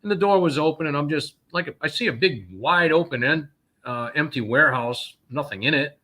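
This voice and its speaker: A man's voice: fairly high pitch, moderate pace, bright, forceful tone. A man from North Carolina, a trucker and guest, talking indignantly and rambling with many fillers. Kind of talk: casual call-in talk, telling stories.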